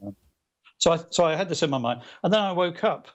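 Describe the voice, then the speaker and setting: A male author as a guest, telling anecdotes in a casual interview, animated, with many restarts and fillers. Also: fairly high pitch, fast.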